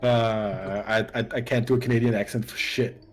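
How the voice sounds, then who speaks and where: Halting man signing off a stream. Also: mid-range voice, level tone, breathy edge, soft background music. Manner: halting, many fillers and restarts. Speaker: co-host of a live-play stream. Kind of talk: casual sign-off chat.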